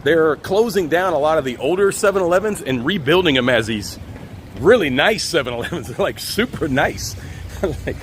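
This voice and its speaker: A man's voice: on the high side, moderate pace. Easygoing male streamer, talks to chat while walking outside, laughs a lot, light street noise. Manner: relaxed, chatty, laughs often, reads chat aloud. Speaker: live-stream host. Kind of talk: casual walk-and-talk live stream. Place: outdoors on city streets, walking.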